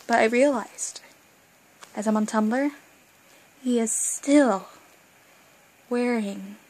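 A young woman chatting excitedly as a fan vlogger, rambling and gushing, with bursts of excitement and quiet asides. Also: fairly high pitch, low-quality recording. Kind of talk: excited casual fan chat.

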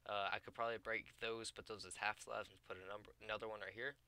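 A man's voice: on the low side, flat delivery, fast talker, pushed and bright, no room sound. A tired young man giving casual gameplay commentary on his video channel, rambling, losing his train of thought and filling gaps with "uh" and "like". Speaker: gaming YouTuber.

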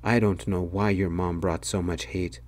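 A man voicing a calm young man who reasons patiently, in a soft-spoken whispered role-play. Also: low voice, normal speed, natural voice.

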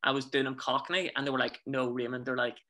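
A Northern Irish man, a musical theatre actor, telling animated stories in a casual interview and chuckling often. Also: mid-range voice, fast talker. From Northern Ireland.

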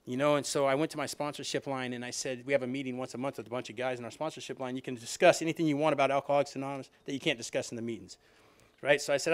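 Fast-talking man sharing his recovery story. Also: mid-range voice, steady tone. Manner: conversational storytelling, frequent "you know what I mean", restarts. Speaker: alumni reunion speaker. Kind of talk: personal recovery story told to an audience.

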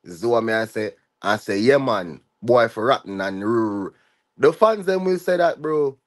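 A man's voice: medium pitch, expressive, moderate pace. A man vlogger speaking with a Jamaican patois accent, ranting heatedly and often tagging his lines with "you see me" and "dog". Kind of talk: ranting vlog commentary.

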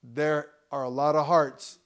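Man, pastor, fairly high voice, casual sermon, swells to loud bursts. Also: little pitch movement, unhurried, smooth. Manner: conversational preaching, rising to loud emphatic peaks, joking asides. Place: church.

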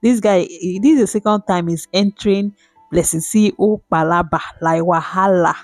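A woman's voice: lowish voice, normal speed, a little mellow, dry recording. A Nigerian-accented woman hosting a blog, chatting directly to her viewers. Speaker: blog host. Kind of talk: casual commentary to viewers. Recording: dry close sound with faint music.

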